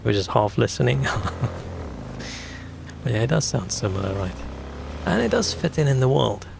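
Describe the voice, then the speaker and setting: A man's voice: medium pitch, sing-song, normal speed, creaky, noisy background. A man casually commenting while playing a video game on stream, rambling and answering chat.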